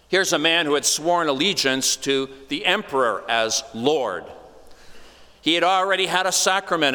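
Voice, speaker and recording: A man's voice: on the high side, pushed and bright, clean tone. A man preaching an expository sermon in a conversational way, with wry asides. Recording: long reverb of a large hall.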